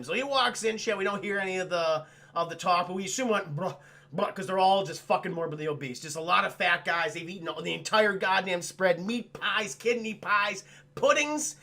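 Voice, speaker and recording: A man talks his chat through a film in a crude, comic recap, swearing freely and mocking everyone he describes. His voice sits high with a gravelly fry and a bright, sharp edge. The sound is a close desk mic at a streaming setup. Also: normal speed. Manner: profane, rambling, mocking impressions.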